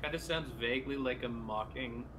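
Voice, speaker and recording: Male tabletop player, mid-pitched and dry-humored, steady noise in the background. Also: moderate pace. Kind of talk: playing a tabletop game.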